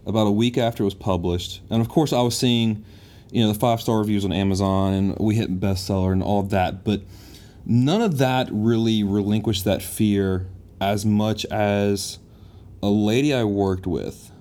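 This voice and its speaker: A man's voice: on the low side, fairly even intonation, normal speed, dark tone. A man hosting a casual conversation, speaking in an earnest, reflective way.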